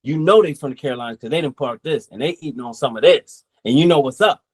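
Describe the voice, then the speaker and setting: Brief: male comic creator, mid-pitched, loose rambling interview talk. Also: fast talker, breathy edge. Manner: relaxed, rambling, quotes people in asides. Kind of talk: casual interview chat.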